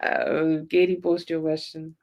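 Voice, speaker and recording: Low-voiced woman giving a rambling tarot reading. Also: big pitch swings, unhurried, creaky, darkish tone. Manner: rambling, tags lines with "okay" and "you know". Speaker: tarot reader. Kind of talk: live-streamed tarot reading.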